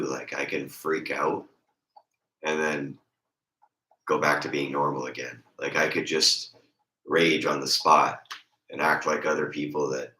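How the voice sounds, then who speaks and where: A man with a very deep, congested voice chats slowly and casually on a stream. His tone is bright despite the low pitch, and the room around him is echoey. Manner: slow rambling talk, voice squeaks and crackles when raised. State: congested throat.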